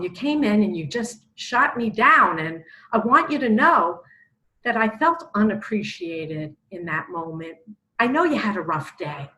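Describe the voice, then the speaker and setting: Woman as gentle husband, calm and earnest. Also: mid-range voice, poor audio. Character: patient loving husband speaking gently.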